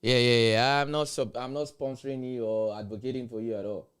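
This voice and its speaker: Guy doing a blunt sweary stream rant, loud emphatic delivery. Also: medium pitch, fairly even intonation, a little fast, smooth. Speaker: commentary streamer.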